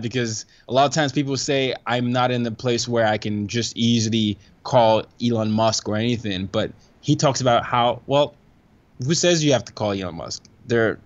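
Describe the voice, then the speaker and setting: A man's voice: medium pitch, highs cut off. A man talking as a podcast guest in casual conversation, eager, restarting sentences often. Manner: enthusiastic, frequent restarts and laughs. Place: New York.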